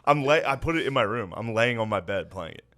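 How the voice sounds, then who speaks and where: A man's voice: lowish voice, lively intonation, fast talker, fairly bright tone. A man hosting a podcast, telling profane stories with a lot of laughter in casual chat. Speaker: podcast host.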